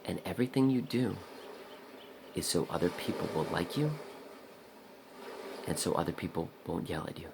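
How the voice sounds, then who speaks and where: A man with an extremely deep, gravelly voice rambles through a blunt, profane vlog monologue and talks straight to the viewer. Now and then he acts out his own inner voice. Outdoor noise with buzzing insects sits clearly behind him. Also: expressive, moderate pace, long pauses. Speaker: vlogger.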